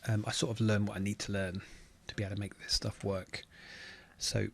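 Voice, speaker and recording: A man's voice: fairly low pitch, brisk, creaky, breathy edge. A man casually talking through a technical walkthrough on his computer, thinking aloud as he works. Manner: relaxed, thinking aloud while typing. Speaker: automation engineer teaching a tech tutorial. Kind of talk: casual screen-recorded walkthrough.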